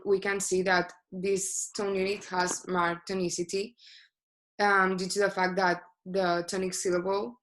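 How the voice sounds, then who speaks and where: A woman's voice: on the low side, a bit bright. A woman giving a class presentation as a student, speaking hesitantly with many filler sounds.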